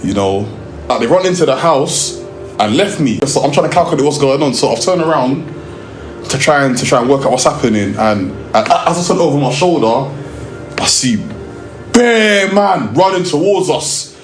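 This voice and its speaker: A young man with a London accent tells a lively, slang-heavy story from his work filming music videos. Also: fairly high pitch, moderate pace, echoey room. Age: young adult. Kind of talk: storytelling interview.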